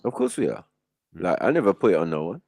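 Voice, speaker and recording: A man hosting a panel, arguing his side in a laid-back, low-key manner full of street slang. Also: sing-song, fast, vocal fry, a little mellow, no room sound. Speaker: panel host. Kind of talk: heated casual debate.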